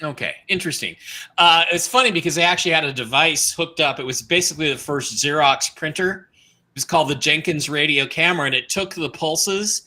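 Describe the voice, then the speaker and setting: A male talk-show host with a very bright, sharp-edged voice, pitched a little high. He talks bluntly and swears freely, with a sarcastic, mocking edge in casual political chat. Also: a little fast.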